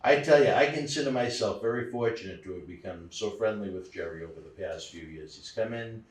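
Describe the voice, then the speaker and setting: A man's voice: on the low side, a little fast. A man hosting an interview, asking friendly questions and offering brief affirmations. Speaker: interviewer, host. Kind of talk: casual interview. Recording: echoey room, distant mic.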